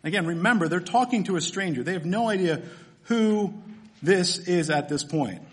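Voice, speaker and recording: A man's voice: sits high, expressive, moderate pace. A man preaching a sermon in a church, humorous and conversational, often asking his listeners questions. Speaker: pastor.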